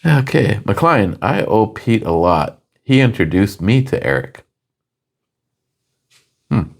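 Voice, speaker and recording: Male co-host of a beer review, low and unhurried, laid-back with a joking edge. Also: sing-song, vocal fry. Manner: joking, reads viewer comments aloud. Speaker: beer review co-host reading chat comments. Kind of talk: casual chat.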